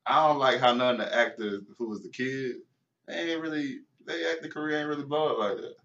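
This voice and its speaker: A man's voice: mid-range voice, fairly quick, fairly bright tone. A man in his twenties, a podcast guest, talking in laid-back slang and joking around. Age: 20s. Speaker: guest, basketball player. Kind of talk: casual chat. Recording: dull lo-fi podcast audio.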